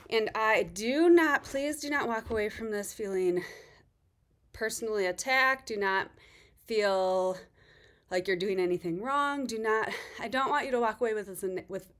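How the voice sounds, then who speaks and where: A middle-aged woman, a fitness coach, talking earnestly and reassuringly in a casual motivational chat, a little out of breath after a workout. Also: mid-range voice. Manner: earnest, reassuring, animated with quoted voices. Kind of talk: casual motivational talk to camera.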